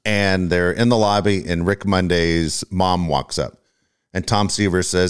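A deep-voiced man on a casual sports talk show. He is an animated storyteller who swears freely. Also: a little slow, clean tone. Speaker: co-host.

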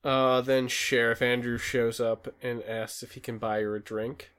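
A man with a mid-pitched voice casually recaps a TV episode for a podcast. He rambles through the plot with frequent ums and uhs. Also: little pitch movement, a little slow, fairly bright tone, smooth. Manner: rambling recap with many fillers. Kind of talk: casual chat.

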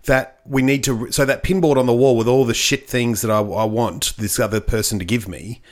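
A man's voice: mid-range voice, steady tone, fairly quick. A man co-hosting a podcast, summing up points and steering the casual talk back to the topic. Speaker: podcast co-host. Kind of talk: casual conversational chat.

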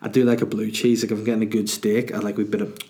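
A man's voice: fairly low pitch, flat delivery, racing, dark tone. A young man hosting a casual solo podcast, rambling and swearing freely. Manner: rambling, chatty, swears freely, laughs easily. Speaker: podcast host.

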